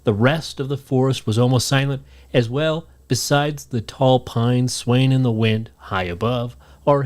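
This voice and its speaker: Man reading a scary story aloud. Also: mid-range voice. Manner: steady storytelling read, shouts out the quoted lines. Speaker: podcast co-host.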